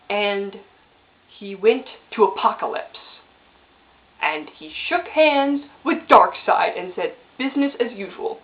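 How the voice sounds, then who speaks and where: A woman's voice: medium pitch, narrow, tinny audio. A woman giving an impassioned, exclamatory review of a cartoon's ending, her voice breaking when she gets upset. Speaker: vlogger reviewing a cartoon finale. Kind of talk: emotional ranting review.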